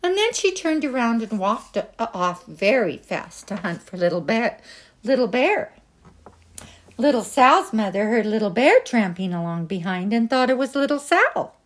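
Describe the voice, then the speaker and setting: A woman reading a children's picture book aloud in a gentle, expressive way. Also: on the high side, normal speed. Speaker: storybook reader.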